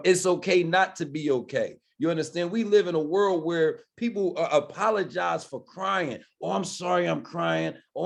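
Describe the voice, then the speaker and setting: A man's voice: fairly high pitch, gravelly, a little mellow. A man, a minister presenting a community plan in an emphatic, preacherly way, often checking "you understand?".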